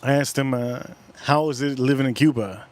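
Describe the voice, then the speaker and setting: An American man hosts a casual whiskey livestream, wandering through stories, swearing offhandedly and repeating himself. His voice is medium-pitched and his speed normal.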